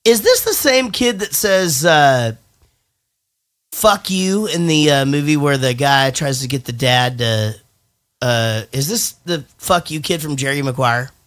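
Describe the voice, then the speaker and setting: Profane joking podcast host, bright voice. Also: male voice, a little high, lively intonation, unhurried. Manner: profane, jokey, loud bits. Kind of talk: casual chat.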